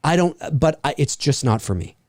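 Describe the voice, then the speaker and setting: A man hosting a podcast, talking in a casual, animated, rambling way, repeating words and swearing often. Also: a little high, normal speed, no room sound, studio quality. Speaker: podcast host. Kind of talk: casual chat.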